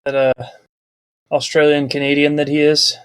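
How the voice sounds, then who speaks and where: A man's voice: a little high, monotone, moderate pace, a bit bright, clean tone, no echo. A man co-hosting a podcast, giving dry, chatty commentary on what he is watching. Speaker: podcast co-host. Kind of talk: casual watch-along commentary.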